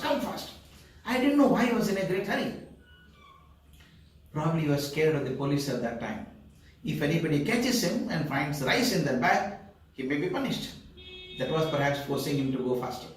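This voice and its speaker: An older man with an Indian English accent tells a personal story, his voice a little raised and lively. He sounds far from the mic, in a very echoey room. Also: fairly high pitch, slight background noise. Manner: lively, acts out quoted voices.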